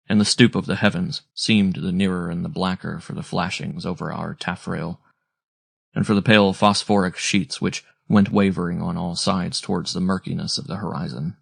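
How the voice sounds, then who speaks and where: A man narrating a classic sea story aloud in a measured, descriptive storytelling manner. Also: sits low, gravelly, dry recording, clean studio sound. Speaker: audiobook narrator.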